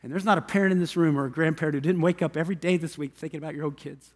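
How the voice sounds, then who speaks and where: A male pastor preaches to his congregation in a high, ringing voice, hammering home each point with repeated phrases. His words trail off into the long reverb of a large church hall. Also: steady tone, very fast. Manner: emphatic, repetitive preaching cadence. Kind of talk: sermon. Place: church sanctuary.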